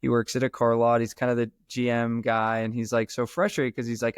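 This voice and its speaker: A man being interviewed on a podcast about his sales book, talking in an emphatic, animated, casual way. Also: mid-range voice, a little fast, clear, resonant tone, no room sound, clean studio sound. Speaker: author and sales trainer, guest.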